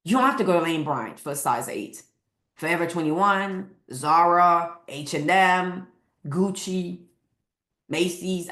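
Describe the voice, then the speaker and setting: A woman's voice: lowish voice, a little slow, a bit bright, reverberant. A woman weight loss coach speaking to camera with emphatic, repeated motivational lines.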